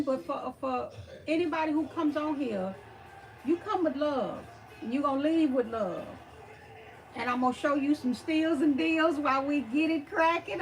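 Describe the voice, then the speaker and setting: A woman with a Southeast Texas country accent hosts a live stream, answering the chat in a folksy way and calling viewers honey and girl. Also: sits high.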